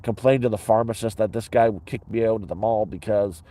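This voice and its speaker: A man's voice: fairly low pitch, steady tone, fairly quick, dark tone. A man vlogging from inside his sleeping bag, telling a story in a blunt, profane, rambling way with many restarts. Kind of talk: casual rambling storytelling to camera.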